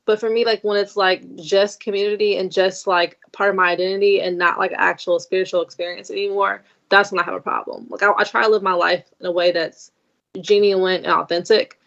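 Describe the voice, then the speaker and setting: A woman's voice: mid-range voice, fairly even intonation, brisk, vocal fry, fairly bright tone. Young woman, thoughtful, hesitant, muffled lo-fi audio. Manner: thoughtful, many fillers. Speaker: podcast guest. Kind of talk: casual chat.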